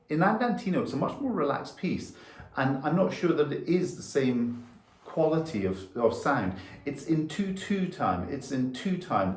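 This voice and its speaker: A man's voice: mid-range voice, darkish tone. A man teaching violin, patiently explaining bow technique step by step while demonstrating. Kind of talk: instructional lesson. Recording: echoey room with violin.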